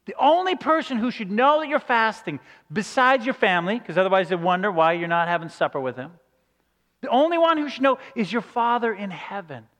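A man's voice: sits high, lively intonation, fairly quick, fairly bright tone, in a large hall. A man preaching a sermon in a conversational way, acting out quoted reactions. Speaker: pastor.

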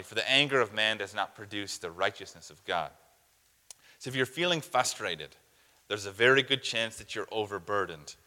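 A man's voice: lowish voice, bright, forceful tone. Male pastor preaching in an echoey hall. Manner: earnest, asks the listeners direct questions. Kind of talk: sermon.

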